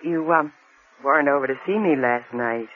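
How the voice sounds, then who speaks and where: A woman's voice: rumbling low, moderate pace, slight background noise. An actress playing a coy, suspicious young gangster's girlfriend in a 1940s radio drama. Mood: probing. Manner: coy, probing. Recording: dull old radio recording.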